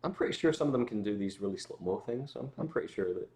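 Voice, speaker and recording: Fast-talking Scottish man, low voice. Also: expressive, dark tone. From Scotland. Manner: rambling storyteller with frequent fillers and restarts. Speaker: guest musician. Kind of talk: casual livestream chat.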